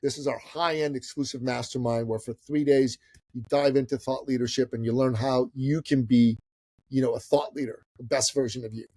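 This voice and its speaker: A man's voice: medium pitch, normal speed, dry recording. A middle-aged man from Iran tells a long story as a podcast guest, with a mid-range voice. He slips into the voices of the people in his tale as he goes. The sound is close and dry. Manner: animated storyteller who acts out the people in his stories. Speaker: guest entrepreneur.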